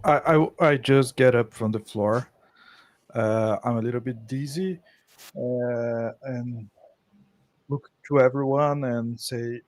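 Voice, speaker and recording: A man's voice: medium pitch, fairly even intonation, takes it slowly, a little mellow, no echo. A man whose first language is Portuguese, playing a tabletop game in English, hesitant and repeating words. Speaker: player. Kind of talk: casual game talk.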